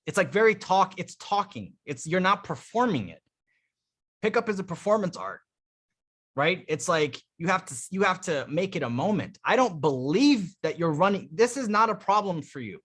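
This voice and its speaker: A man coaching a live group session on dating, giving energetic, emphatic feedback and often restarting his words. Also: sits high, normal speed.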